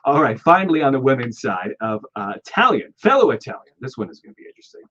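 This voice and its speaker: A man's voice: mid-range voice, very animated, fast talker, fairly bright tone. A man hosting a casual radio segment, upbeat, spelling words out letter by letter. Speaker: radio show host. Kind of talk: casual on-air chat. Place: radio studio. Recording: slightly muffled studio audio.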